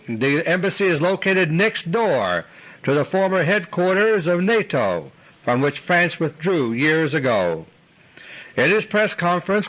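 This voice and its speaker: Man, fairly high voice, lively pitch, grave scripted commentary delivered deliberately. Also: poor audio. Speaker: commentator delivering an audio newsletter.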